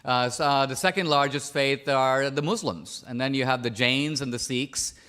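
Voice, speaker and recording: A man's voice: medium pitch, moderate pace, pushed and bright, clean tone. A man from India arguing in a public debate, pressing his points with methodical questions.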